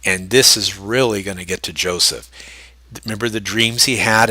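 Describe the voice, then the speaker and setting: A man reading scripture aloud and breaking in with casual, animated asides to explain it. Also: fairly low pitch, moderate pace, no room sound. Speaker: Bible study teacher.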